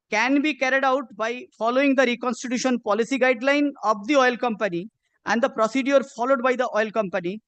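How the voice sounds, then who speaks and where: A male advocate presses his case in a courtroom with a strikingly high voice. He speaks in a formal, insistent way and keeps addressing the bench. The sound is dry and close, with almost no room around it. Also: a bit bright, clean tone, no room sound. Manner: insistent, repeats "my lord" constantly. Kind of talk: courtroom legal argument.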